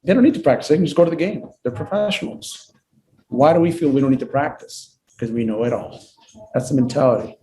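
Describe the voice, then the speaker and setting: A man's voice: mid-range voice, animated, fast, dark tone, a little hiss or hum. A man from Lebanon, a real estate agent, telling stories animatedly and repeating points for emphasis. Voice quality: acts out dialogue, repeats himself for emphasis. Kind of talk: animated storytelling on a call.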